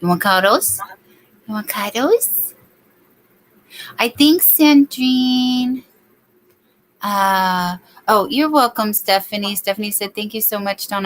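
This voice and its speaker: A woman's voice: mid-range voice, moderate pace, rough recording. A woman hosting a late-night crochet livestream, chatting casually and reading viewer comments aloud. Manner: chatty, reads viewer comments aloud, baby-talks to her dog. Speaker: livestream host. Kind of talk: casual chat while crocheting.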